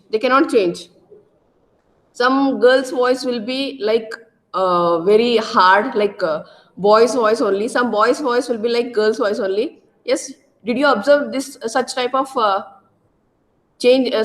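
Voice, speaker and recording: Loud Indian-accented woman lecturer. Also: on the high side, unhurried. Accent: Indian English, Karnataka. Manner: loud, repetitive teaching style with tag questions. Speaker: college lecturer. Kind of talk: classroom lecture. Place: classroom.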